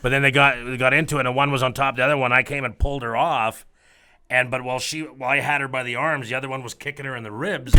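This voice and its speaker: A man's voice: medium pitch, fairly even intonation, fast talker, bright, forceful tone, smooth. A man working as a strip club DJ, telling rambling, profane stories in casual chat.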